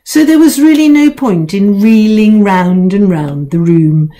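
Reading her own children's book aloud, an older author uses a lowish voice and an expressive, playful delivery.

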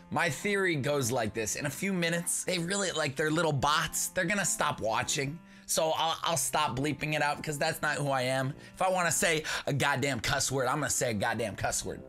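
A young man giving casual comedic commentary as a YouTuber, excitable, swearing freely and laughing often. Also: on the high side. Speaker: YouTuber reacting to online posts.

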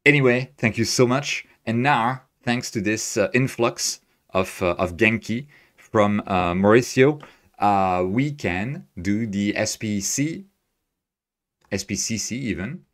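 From his home desk in Tokyo, a man hosts a live astrophotography stream as a screen tutorial, thinking aloud as he works and cheerfully answering viewers in chat. His voice is on the low side, with lively intonation and a slow pace.

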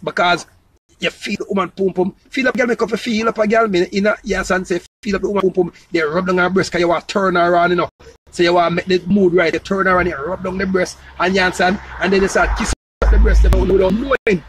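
A man's voice: high voice, steady tone, fast talker, fairly bright tone, breathy edge, rough recording. A man with a Jamaican accent in a loose, rambling casual monologue, repeating himself and often asking if you understand. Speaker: entertainer promoting his new song.

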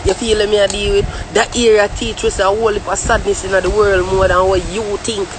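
A young Jamaican man vlogging in patois, ranting loudly and cursing about the year, turning often to the listener. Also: sits high, moderate pace, background noise. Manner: loud, swearing, animated rant with frequent asides to the listener.

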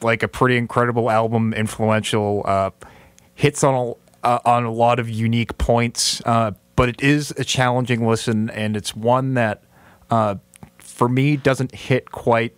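A man, co-hosting a casual podcast chat, weighing his words with many fillers and pauses. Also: medium pitch, steady tone, a bit bright, clear, resonant tone, no echo. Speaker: podcast co-host.

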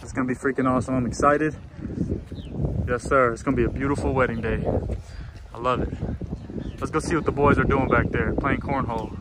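A young man with a twang, chatting excitedly to camera as a vlogger, saying y'all a lot. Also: medium pitch, a little fast, long pauses. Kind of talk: casual vlog narration. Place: outdoors at a farm and indoors at a venue. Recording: noisy handheld camera audio.

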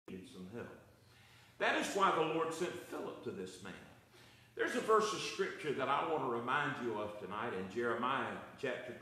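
A man's voice: medium pitch, sharp tone, very echoey, low-quality recording. A man preaching a Bible study sermon as pastor, his delivery rising and falling for emphasis. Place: church.

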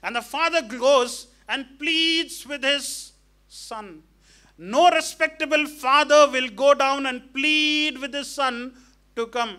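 A man's voice: very high-pitched, slow, sharp tone. A male pastor preaching a sermon emphatically, questioning the congregation and acting out the characters of a parable. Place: church hall.

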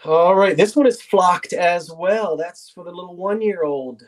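A man's voice: sits high, a little slow. A middle-aged man hosting a live online sale, chatty and playful as he shows old cards. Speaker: auction host.

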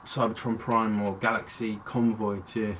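Reviewing a toy at home, a man rambles in a chatty way, frequently stopping mid-sentence. His lowish voice is flat, fairly bright, and moderately paced, caught on a distant mic with clear background noise.

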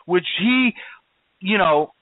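Man preaching, emphatic sermon cadence, lively swooping pitch, tinny phone-like radio sound. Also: takes it slowly, no echo.

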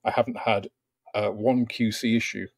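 A man hosts a relaxed interview in a lower voice, hesitating often and restarting his sentences. The sound is dry and close, with no room echo. He keeps a courteous, measured tone. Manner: hesitant, many fillers and restarts. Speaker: host. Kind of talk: casual interview.

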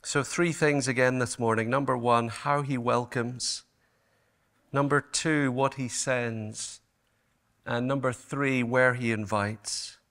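A man's voice: mid-range voice, fairly even intonation, takes it slowly, a bit bright. A man preaching a sermon at a conference, in an earnest, emphatic manner, often repeating words for stress. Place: conference hall.

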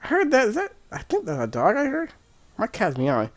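An excitable man chats on a live stream while playing a game, his high voice moving fairly quickly. He's animated, laughs often and keeps breaking into movie-line impressions.

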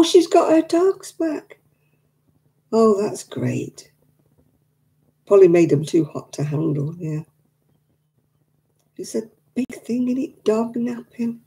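Livestream host, woman, dark gravelly voice, chatty and warm with her viewers. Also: fairly low pitch, low-quality recording. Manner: chatty, reads and answers viewer comments; emotional about her late dog. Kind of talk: casual chat with live viewers.

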